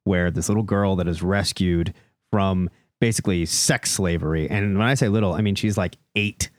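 A man co-hosting a comic book podcast in casual chat, animated and laughing often. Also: low-pitched, moderate pace, no room sound, studio quality. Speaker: podcast co-host.

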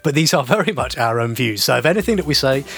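A man's voice: mid-range voice, lively intonation, fast talker, creaky, fairly bright tone, soft background music. Chatty male podcast co-host with hiccups. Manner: chatty, self-deprecating. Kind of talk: casual banter.

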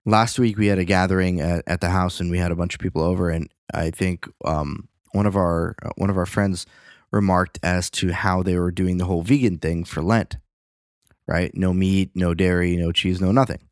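A man's voice: low-pitched, normal speed, no room sound, studio quality. A young man in his twenties hosting a casual chat, rambling and swearing freely. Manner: rambling, profane, animated. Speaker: podcast host.

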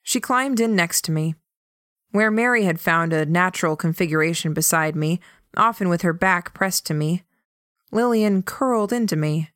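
A woman reading a novel aloud as a first-person audiobook narrator, calm and even. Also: lowish voice, moderate pace, dry recording, studio quality.

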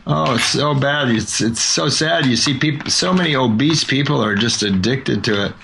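Against a noisy background, this podcast host talks in a creaky mid-range voice. He's chatty and loves long tales, sometimes stretching out words as he goes.

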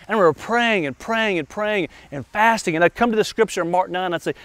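A man's voice: sits high, fairly quick, hardly any pauses, a bit bright, dry recording. Earnest man preaching a sermon. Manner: earnest storytelling with emphatic repetition. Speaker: pastor.

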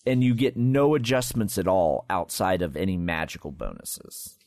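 A man's voice: low voice, moderate pace, no room sound, clean studio sound. A man co-hosting a casual chat about a tabletop monster, explaining its rules and stats. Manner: explanatory, lively, reading out game stats. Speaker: co-host of a tabletop game podcast.

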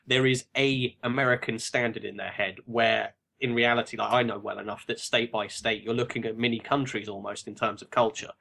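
A man's voice: mid-range voice, steady tone, a little fast, vocal fry, hardly any pauses, bright, forceful tone. An English man, a podcast guest, chatting casually in a self-deprecating way with frequent restarts. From England. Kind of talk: casual chat.

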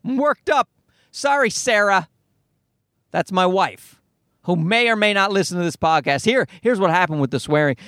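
A man's voice: high-pitched, expressive, moderate pace, a bit bright, dry recording, clean studio sound. A man hosting a comedy podcast, ranting in a worked-up way and swearing freely. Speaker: podcast host.

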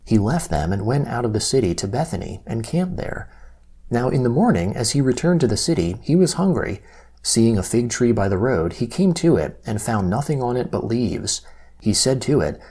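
A man reading Bible passages aloud in a steady, measured way, with quoted lines lifted slightly. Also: medium pitch, breathy edge. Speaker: Bible reader.

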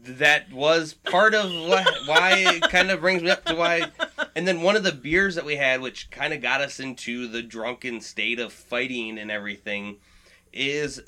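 A man chatting loosely on a podcast with a bright, forward tone. He rambles, swears freely and fills his pauses with "uh." His pitch sits in the middle for a man. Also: animated. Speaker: podcast co-host. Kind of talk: casual chat about beer.

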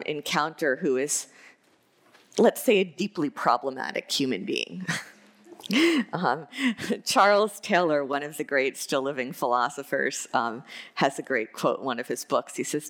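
A woman lecturing a university history class, reading quotations aloud with animation between frequent "um" fillers. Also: deep voice.

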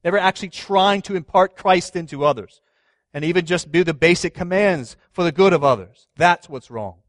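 A man's voice: sits high, moderate pace, dry recording, clean studio sound. Emphatic man preaching a sermon. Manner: emphatic, asks the congregation questions, swings from loud to hushed. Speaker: pastor.

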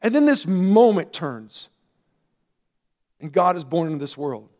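A man, a pastor, preaching a sermon earnestly, with emphatic rising questions and quieter asides. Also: sits high, very animated, unhurried.

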